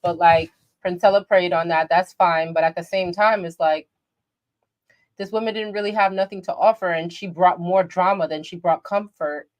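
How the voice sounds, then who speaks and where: A woman hosting a livestream reaction show, her voice sitting a touch low. She rants with brash, profane, theatrical outrage while she talks to her chat. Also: fairly even intonation, moderate pace, lo-fi sound. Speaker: livestream commentary host.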